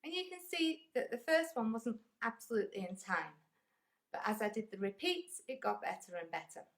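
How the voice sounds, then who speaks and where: A woman teaching music in a patient, encouraging way. Her voice sits a little high and swings widely in pitch as she explains each step. She counts rhythms aloud as she teaches. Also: sing-song, brisk. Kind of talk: instructional music lesson.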